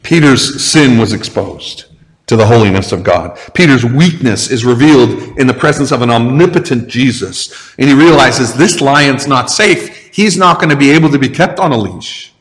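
A male pastor preaching a sermon in a church. He talks conversationally and slows down to lean hard on key phrases. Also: medium pitch, lively intonation, long reverb tail. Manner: conversational, with slow, heavy emphasis on key phrases.

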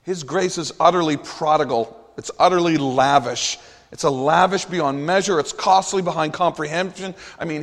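A male pastor with a high voice preaches a sermon in a reverberant hall. He's earnest and emphatic, posing rhetorical questions.

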